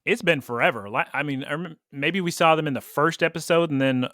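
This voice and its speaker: A man's voice: a little high, fairly quick, fairly bright tone, dry recording, clean studio sound. A man co-hosting a podcast, recapping a cartoon episode in casual, opinionated chat and laughing often. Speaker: podcast co-host.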